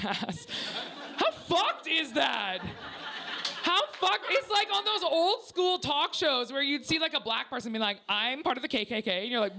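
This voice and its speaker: A woman's voice: medium pitch, a bit bright. Profane, confessional woman doing stand-up. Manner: profane, confessional, lots of "like" fillers; acts out quoted people in shifted voices. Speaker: stand-up comedian. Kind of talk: stand-up set.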